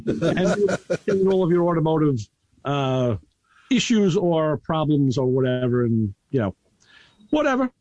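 A man's voice: fairly high pitch, very animated, slow, long pauses, mellow, highs cut off, slight background noise. A man co-hosting a radio show, bantering playfully and chiming in with asides. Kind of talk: casual radio chat.

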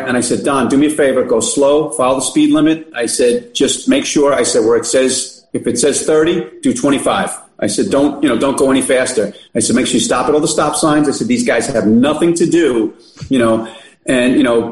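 A man's voice: mid-range voice, moderate pace, darkish tone, reverberant, rough recording. A middle-aged man telling stories in casual chat, rambling with many fillers and restarts. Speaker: podcast guest. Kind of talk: casual storytelling.

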